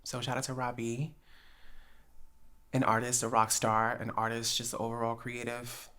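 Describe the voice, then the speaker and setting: This woman, a New Jersey podcast host, has a very deep voice and keeps a moderate pace. Her casual storytelling is animated, with acted-out dialogue and plenty of laughs.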